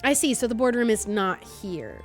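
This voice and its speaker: A woman's voice: fairly high pitch, big pitch swings, normal speed, faint music behind. A woman voicing a tired middle-aged businessman who talks in a stiff, formal, literal way.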